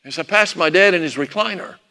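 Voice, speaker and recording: A man's voice: sits high, brisk, sharp tone. A preacher telling a sermon story, reminiscing about his parents. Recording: long hall reverb.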